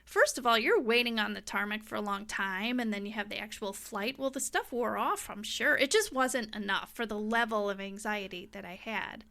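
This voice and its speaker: Bright-voiced middle-aged woman telling a story. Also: medium pitch, moderate pace, vocal fry, few pauses. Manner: animated, laughs often, acts out quotes. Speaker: guest. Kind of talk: casual storytelling.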